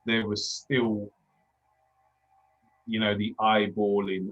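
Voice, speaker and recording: A Cockney-accented former police officer from London, in his thirties, talks earnestly and reflectively in a casual discussion, often restarting his sentences. His lowish, husky voice has a fairly bright tone and a slightly slow pace, and the lo-fi audio is dull.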